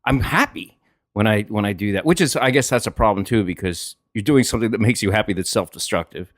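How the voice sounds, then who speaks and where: A man's voice: fairly low pitch, brisk, no room sound, clean studio sound. A man co-hosting a podcast, chatting casually, amused and laughing often. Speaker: podcast co-host. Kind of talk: casual chat.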